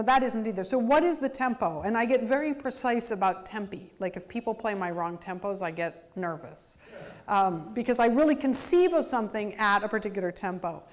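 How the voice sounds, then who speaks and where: Woman, higher register, composer-lecturer; animated, exacting, vocalizes rhythms as syllables. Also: a little fast. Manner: sings rhythms out in syllables to illustrate music; animated, detail-focused explanation. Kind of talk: university lecture.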